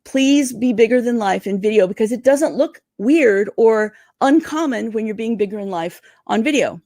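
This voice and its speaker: A woman career coach giving interview tips in a livestream, talking fast and excitedly. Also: on the high side, no echo, clean studio sound. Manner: energetic, talks fast and excitedly.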